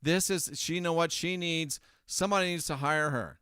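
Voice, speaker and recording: A man's voice: a little high, normal speed, bright, forceful tone, clean tone, dry recording, clean studio sound. A man hosting a casual commentary monologue, sarcastic and rambling with self-correcting asides. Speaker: host.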